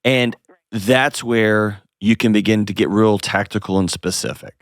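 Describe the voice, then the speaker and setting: A man's voice: lowish voice, steady tone, a little slow, no echo, studio quality. A man hosting an advice call-in show, talking in a direct, coaching way with playful asides. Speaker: host.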